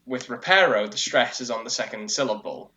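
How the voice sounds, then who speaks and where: A man co-hosts a casual discussion podcast, rambling through his points with constant fillers and restarts. His voice sits mid-pitch and comes through a dull, lo-fi recording. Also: brisk. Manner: rambling, animated explaining with many fillers and restarts. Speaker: co-host. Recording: lo-fi dull audio.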